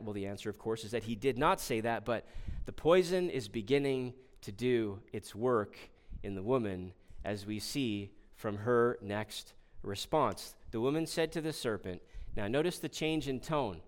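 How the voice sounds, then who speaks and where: A man's voice: medium pitch, moderate pace. A man preaching a sermon on scripture, asking rhetorical questions and acting out quoted lines with shifting emphasis. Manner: expressive, rhetorical questions, voices the serpent in quotes.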